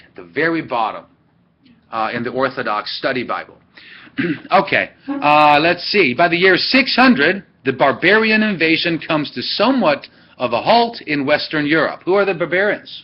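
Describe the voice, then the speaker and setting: A man's voice: medium pitch, a little hiss or hum. Man teaching a class over muffled webcam. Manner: asks students questions, thinks aloud. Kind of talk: classroom history lesson.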